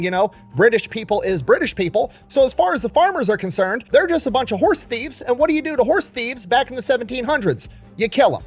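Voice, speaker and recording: A man hosting comedic history storytelling in a casual, profane, animated way. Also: extremely high pitch. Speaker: host.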